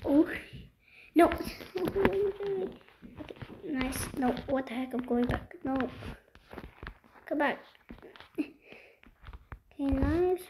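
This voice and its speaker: A woman giving casual gameplay commentary, excitable and easily frustrated, swinging between loud outbursts and whispers. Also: high voice, very slow, pauses often, noisy background. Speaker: gaming video creator.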